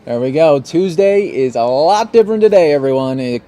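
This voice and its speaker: Male news anchor, mellow and relaxed, loose joking delivery. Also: a little high, fairly quick. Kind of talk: studio news chat.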